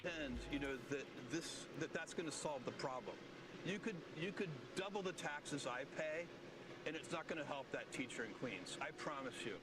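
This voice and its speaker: A man answering in an interview, halting and stammering as he talks. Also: a little high. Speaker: interview guest. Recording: distant mic over loud music.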